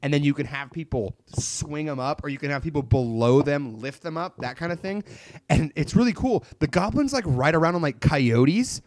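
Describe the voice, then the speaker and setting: A man's voice: fairly high pitch, normal speed, no echo. A young man chatting casually, retelling a story with energy, swearing freely and acting out characters' lines. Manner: animated, profane, retells plot with quoted lines. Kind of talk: casual chat.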